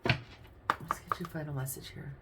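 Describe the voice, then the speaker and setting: A woman's voice: sits low, steady tone, a little slow, heavy background noise. A woman doing a casual tarot reading, chatty and thinking aloud as she names each card. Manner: chatty, thinks aloud while naming cards. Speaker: tarot reader.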